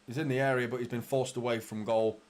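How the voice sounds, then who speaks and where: Frustrated football fan, swearing. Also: male voice, mid-range voice, level tone, fast talker, darkish tone. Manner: swearing, frustrated, rambling, talks to viewers. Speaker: fan channel host. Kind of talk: live football watchalong commentary.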